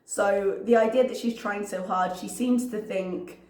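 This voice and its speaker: A woman's voice: mid-range voice, steady tone, measured pace, darkish tone, echoey room. A woman commentator reacting to a video in a casual, analytical way, working through her notes with frequent ums.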